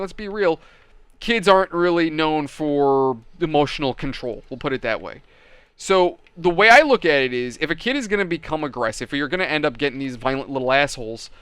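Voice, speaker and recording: A man's voice: fairly high pitch, fairly bright tone, clean tone, no echo. A man hosting a casual gaming and hobby channel, telling stories and giving opinions in a blunt, profane, mocking way. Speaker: channel host.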